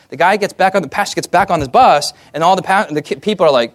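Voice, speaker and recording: Guy preaching a sermon, kinda high voice, keeps tossing questions at the crowd. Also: fast, hardly any pauses. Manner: animated, asks the audience questions.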